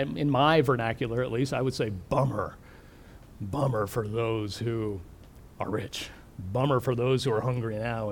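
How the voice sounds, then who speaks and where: A middle-aged man preaching a sermon, thoughtful and questioning, slowing down to stress key words. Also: mid-range voice, a little mellow. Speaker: pastor.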